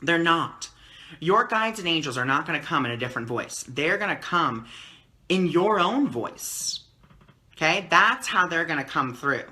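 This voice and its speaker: A man talking calmly and teacherly on a live stream as a spiritual teacher, answering viewer comments and often checking in with "okay?". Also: on the high side, moderate pace. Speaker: spiritual teacher and card reader.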